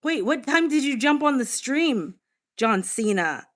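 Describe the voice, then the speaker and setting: A woman's voice: high-pitched, animated, a little slow. A woman from Boston hosting a casual livestream, chatting candidly and reacting to viewers' comments as she reads them aloud. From Boston, United States. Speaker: livestream host.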